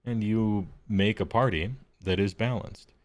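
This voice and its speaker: Game-master host, male, deep and dry, laid-back and blunt. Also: steady tone, measured pace, dry recording. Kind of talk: casual chat on a live stream.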